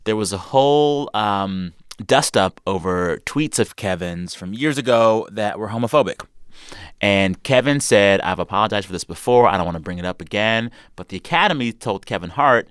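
Man, show host, low voice, smooth and crisp, dry close sound, wry playful delivery. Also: animated, moderate pace, fairly bright tone, no echo. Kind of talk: scripted chat show hosting.

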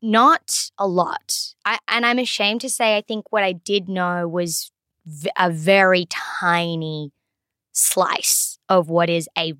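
A woman's voice: lowish voice, fairly even intonation, takes it slowly, bright, forceful tone, dry recording, studio quality. A young Australian actress chatting as an interview guest, laughing often and restarting her sentences. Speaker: actor guest. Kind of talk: casual interview chat.

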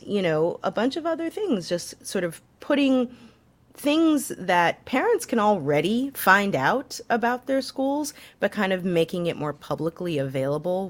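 A woman co-hosting a relaxed news roundup, her voice sitting a little low. She talks loosely and chattily, leaning on fillers as she goes. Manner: chatty, lots of fillers and laughs. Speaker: co-host. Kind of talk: casual news chat.

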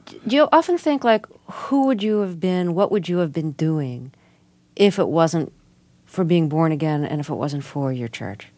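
Low-voiced woman radio host. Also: animated, moderate pace, warm tone, dry recording. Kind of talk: radio interview and scripted intros. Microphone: studio microphone.

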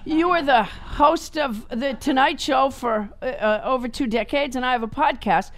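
A woman hosting a podcast, chatty and quick to laugh while interviewing a guest. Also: sits high. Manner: chatty, laughs often, stumbles on phrasing. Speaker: podcast host. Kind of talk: casual interview.

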